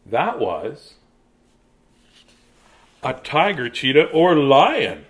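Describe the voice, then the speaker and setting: A man's voice: on the high side, big pitch swings, drawn-out words. A man reading his own picture book aloud to children in a sing-song, playful way, then chatting casually about it. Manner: sing-song, playful, drops to soft hush at endings. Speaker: children's book reader and author.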